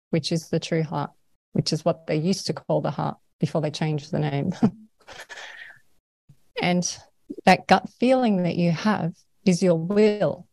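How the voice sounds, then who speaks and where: An Australian woman speaks in a meandering, earnest way, laughing now and then as she talks. Her voice sits a little low. The sound is dry, with no room echo. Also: creaky, darkish tone. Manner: earnest, rambling, laughs often. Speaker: paranormal experiencer, guest. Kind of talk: conversational interview.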